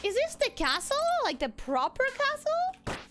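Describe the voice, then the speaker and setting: Woman game streamer, lively, swinging pitch, unhurried delivery, repeats herself and swears when rattled. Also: loud music behind the voice. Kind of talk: live gameplay commentary.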